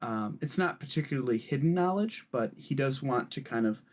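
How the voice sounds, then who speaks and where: A man's voice: mid-range voice, animated, a little fast, darkish tone. A man narrating a tabletop role-playing game as game master, in a casual way with many fillers.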